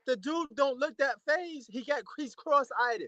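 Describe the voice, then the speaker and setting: A man giving a casual, excitable reaction commentary to a boxing match, repeating himself and using slang. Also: very high voice, measured pace, dry recording, highs cut off. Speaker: fight reaction host.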